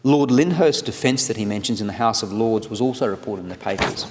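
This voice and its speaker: Guy in his 40s reading out a formal lecture, lowish voice, big echoey hall. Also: noisy background. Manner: measured, scholarly delivery with occasional restarts. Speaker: guest lecturer on legal history. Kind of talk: formal public lecture read from a paper. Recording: long reverb of a lecture hall.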